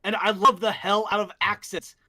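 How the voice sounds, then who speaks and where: A man co-hosting a casual fan talk show, excitable and quick to swear, often restarting his sentences. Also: high voice. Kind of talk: casual chat.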